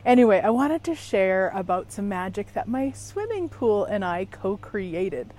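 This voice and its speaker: A woman telling a story in a chatty, animated vlog from outdoors in a backyard, laughing at herself as she goes. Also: medium pitch, a little slow, a little hiss or hum. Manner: chatty, animated, self-mocking. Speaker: facilitator and show host.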